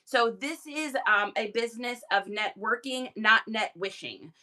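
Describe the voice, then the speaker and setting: Bright, bubbly woman livestream host. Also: on the high side. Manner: energetic, chatty, quick laughs. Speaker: live stream host. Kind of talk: casual live chat.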